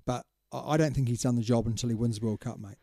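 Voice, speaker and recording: A man's voice: mid-range voice, steady tone, quick pace, vocal fry, dark tone, no room sound, clean studio sound. A man co-hosting a sports podcast in casual chat. He is opinionated and chatty and keeps calling his co-host "mate".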